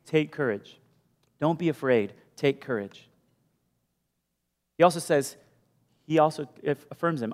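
A male pastor preaching a sermon with animated storytelling, moving from loud bursts to hushed asides. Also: fairly high pitch, normal speed, pauses often. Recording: long hall reverb.

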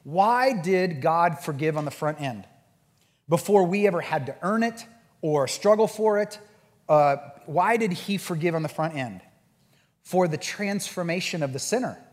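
A man preaching a sermon and leading a group discussion, acting out quoted voices in an animated way. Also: fairly high pitch, a little slow, big-room sound. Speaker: pastor.

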